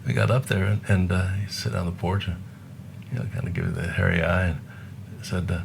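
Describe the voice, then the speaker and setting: An older guest musician from Buffalo, New York, speaks in a low, level, creaky voice at a fairly quick clip, with noise in the background. He tells rambling anecdotes in casual conversation, doing the voices of the people he describes.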